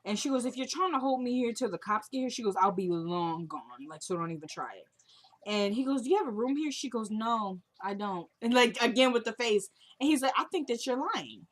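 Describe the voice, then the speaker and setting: A woman's voice: mid-range voice, animated, brisk. A young woman casually recapping a TV drama episode, retelling scenes and quoting the characters in a chatty way.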